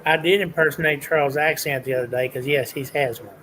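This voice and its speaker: Stammering joker man, slightly high voice. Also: fast, fairly bright tone, rough recording. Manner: stammering, corny jokes. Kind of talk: casual live stream banter.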